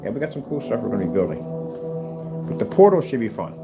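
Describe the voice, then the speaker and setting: A man's voice: lowish voice, sing-song, fast talker, gravelly, over music. A man talking casually in a home workshop vlog, rambling and restarting, sometimes raising his voice to scold his cat. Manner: rambling, chatty, restarts often. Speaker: home theater screen maker.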